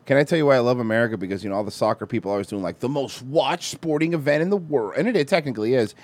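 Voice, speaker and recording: A man's voice: mid-range voice, animated, racing, a little mellow, no room sound. A man co-hosting a podcast, joking crudely in casual chat. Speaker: podcast co-host.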